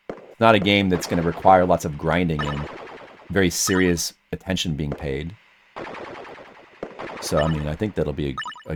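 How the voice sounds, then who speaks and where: A man streaming a game, rambling casually to his chat and now and then putting on a mock rage. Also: low-pitched. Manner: rambling, chats with viewers, bursts into mock rage.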